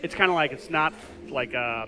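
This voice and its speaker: A man's voice: a little high, normal speed. Man rambling in a noisy pub. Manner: rambling, full of fillers and restarts. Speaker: podcast host. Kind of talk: casual chat. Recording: pub with clear background music.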